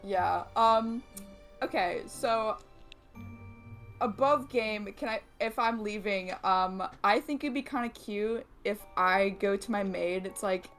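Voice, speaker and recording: A woman's voice: mid-range voice, takes it slowly, a bit bright, soft background music. A woman playing a tabletop game, chatting casually and playfully. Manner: casual, filler-heavy, playful. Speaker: player.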